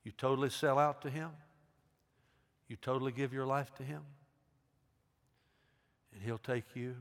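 A middle-aged man, a pastor giving an earnest altar call, swinging between loud emphasis and hushed pleading. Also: mid-range voice, fairly even intonation, a little slow, gravelly, pauses often. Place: large church sanctuary. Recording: long hall reverb.

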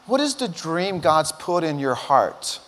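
High-voiced animated male preacher. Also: measured pace. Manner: animated storytelling, acts out quotes. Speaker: pastor. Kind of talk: sermon. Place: church auditorium. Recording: long hall reverb.

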